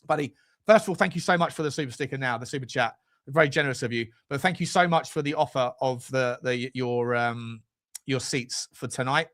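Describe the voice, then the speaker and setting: A man's voice: fairly high pitch, a bit bright. A man hosting a fan live stream, reading out super chats in a rambling, sweary way that keeps going off on tangents. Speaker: fan channel host.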